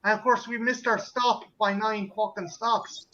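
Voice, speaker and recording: A man chatting casually with friends, sweary and a bit halting. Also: high voice, fairly even intonation, sharp tone, highs cut off. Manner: laid-back, sweary, halting. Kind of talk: casual chat among friends.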